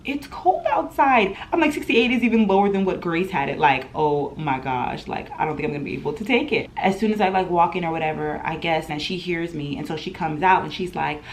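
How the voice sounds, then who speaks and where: A young woman in her twenties telling an animated storytime in a home vlog, chatty and full of laughs. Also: sits low, fast, hardly any pauses, slight background noise. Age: 20s. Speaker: vlogger.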